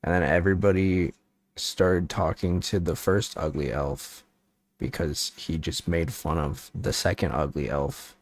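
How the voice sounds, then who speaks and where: A man's voice: deep voice, fairly even intonation, a little slow, no echo. A man streaming as a VTuber, chatting playfully with viewers and making up a rambling silly story. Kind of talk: casual livestream chat and improvised bedtime story.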